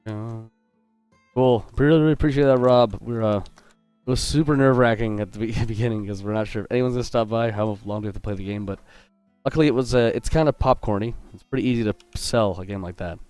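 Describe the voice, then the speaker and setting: A man's voice: fairly low pitch, fast, darkish tone, smooth, dry recording, soft background music. Chatty upbeat man on a dry mic. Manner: chatty and upbeat, greeting viewers and reading chat aloud; joking and self-interrupting. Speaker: game artist hosting a live drawing stream. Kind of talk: casual livestream chat while drawing.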